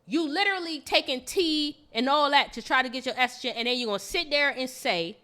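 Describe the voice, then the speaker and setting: A woman co-hosting a podcast in casual chat, telling stories in an animated, emphatic way. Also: high-pitched, brisk, hardly any pauses. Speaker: podcast co-host.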